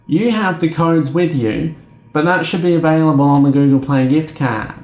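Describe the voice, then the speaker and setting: A man's voice: fairly high pitch, moderate pace, darkish tone, echoey room, soft background music, close to an everyday voice. A man putting on the voice of a chirpy, patronizing male customer support agent who keeps refusing to help. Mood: cheerfully unhelpful.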